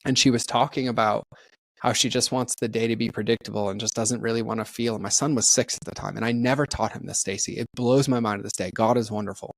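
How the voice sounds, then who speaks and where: An earnest man guesting on a podcast tells candid stories and acts out the people in them. His voice sits at an ordinary middle pitch, and he peppers his talk with "like". The sound is dry and close, with no room echo. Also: fairly even intonation, fast talker, vocal fry. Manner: peppers speech with "like". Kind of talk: candid conversational storytelling.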